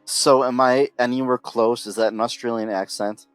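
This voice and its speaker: A man's voice: mid-range voice, fairly even intonation, normal speed, faint music behind. A man streaming a video game, making wry, joking remarks about the story as he plays. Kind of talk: casual gameplay commentary.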